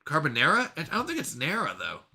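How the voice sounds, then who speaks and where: A Canadian man hosting a casual live stream, chatting and joking as he reads viewers' messages aloud. His voice sits high for a man and sounds very bright and forward. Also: lively intonation, moderate pace. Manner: playful, chatty, reads chat messages aloud, jokes about pronunciation. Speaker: live streamer reading chat.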